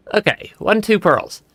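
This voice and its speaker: A man's voice: high voice, fairly bright tone, husky, dry recording. A young man giving casual let's-play commentary, stammering and restarting often and laughing between remarks. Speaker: streamer.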